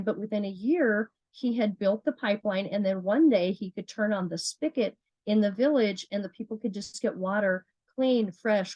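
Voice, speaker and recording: A woman's voice: mid-range voice, a little mellow, no room sound, muffled recording. Earnest woman giving sales training. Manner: earnest, repeats words, asks herself questions. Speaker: business trainer. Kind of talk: motivational sales training talk.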